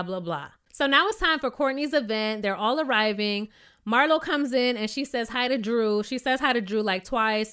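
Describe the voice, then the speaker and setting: A woman giving a sassy, blunt, casual recap of a reality show, with animated asides. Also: mid-range voice, clean tone.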